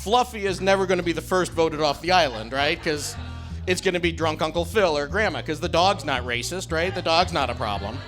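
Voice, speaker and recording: A middle-aged man telling a self-mocking comic story on stage in a wry, animated way. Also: a little high, a little fast, soft background music.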